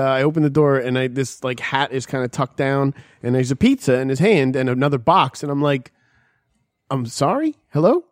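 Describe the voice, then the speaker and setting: A man's voice: medium pitch, dry recording, clean studio sound. A man casually telling a long, profane story on a podcast, acting out the lines of the people in it. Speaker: podcast co-host.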